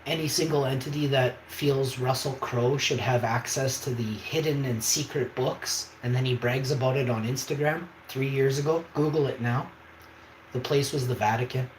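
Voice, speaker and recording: In an echoey space with faint background noise, a man hosts a livestream in a steady, mid-range voice at normal speed. His talk is emphatic and rambling, with frequent check-ins with viewers.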